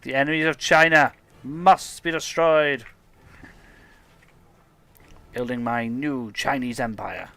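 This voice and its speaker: Bright, punchy male gamer co-host, brash and foul-mouthed. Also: mid-range voice, slow pace, creaky, pauses often. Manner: brash, swears freely, joking. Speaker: podcast co-host playing a video game. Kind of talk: casual chat with live gameplay commentary.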